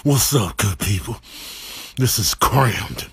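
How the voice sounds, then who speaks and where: A man voicing an angry, heartbroken male bird who rants in a low, seething grumble. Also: lively intonation, slow pace, vocal fry, slightly rough, dry recording, heavily acted. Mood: bitter.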